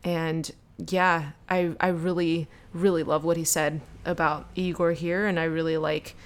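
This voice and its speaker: A woman's voice: low-pitched, level tone. A woman co-hosting a fan podcast, chatting casually, giggly and gushing. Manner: giggly, gushing, talks fast. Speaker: podcast co-host.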